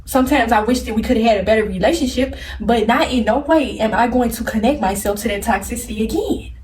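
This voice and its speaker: She talks fast, her high, slightly mellow voice cracking with tears as she gives viewers blunt, repetitive, preachy spiritual advice on camera. The sound is roomy, picked up at a distance from the mic.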